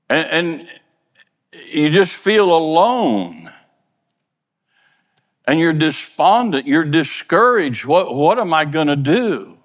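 A man's voice: on the high side, fairly bright tone, long reverb tail. A man preaching a sermon in a plainspoken, folksy way, earnestly repeating and stumbling over words.

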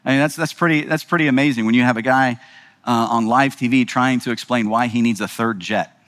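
A man's voice: mid-range voice, a little fast, fairly bright tone, big-room sound. A man preaching a sermon in a conversational way, asking rhetorical questions and checking in with his listeners. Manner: conversational, asks rhetorical questions with frequent "right?". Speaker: pastor.

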